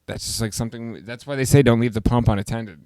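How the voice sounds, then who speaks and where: Man, casual storyteller, mid-pitched voice, dry close sound, bursts into loud exclamations. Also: steady tone, quick pace, dry recording. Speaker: podcast host.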